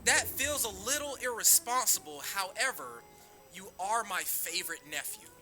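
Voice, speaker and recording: A man's voice: high voice, expressive, normal speed, bright, forceful tone, soft background music, full character voice. A man voicing an indulgent older uncle, a military chief, speaking in a mock-solemn way. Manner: mock-solemn, then wailing.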